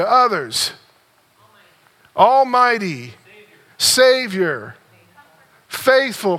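A man's voice: sits high, fairly bright tone. A man preaching a sermon as pastor, earnest and repeating phrases for emphasis as he leads the congregation.

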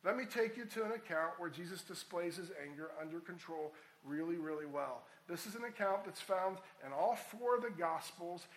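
A man's voice: high-pitched, animated, normal speed, hardly any pauses, low-quality recording. A middle-aged man preaching a sermon as pastor, reading scripture aloud and building to emphatic peaks.

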